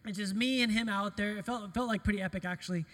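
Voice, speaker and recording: Middle-aged male pastor, lively storytelling sermon, light on himself; higher voice, big hall reverb. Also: fast. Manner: animated, storytelling, self-deprecating humor. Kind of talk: conversational sermon with personal stories.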